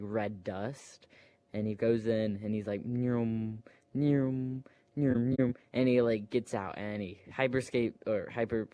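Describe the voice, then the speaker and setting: A man's voice: lowish voice, warm tone, no echo. A man casually retelling a movie plot, hesitant and meandering, full of fillers and restarts, with playful sound effects. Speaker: storyteller.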